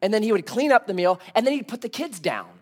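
Animated high-voiced male preacher. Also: fast. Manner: conversational preaching with rhetorical questions and storytelling. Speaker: pastor. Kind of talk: sermon.

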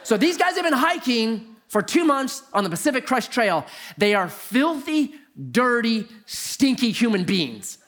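A middle-aged man telling a personal story in a lively, exaggerated way, swinging into loud disbelief. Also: extremely high pitch, measured pace.

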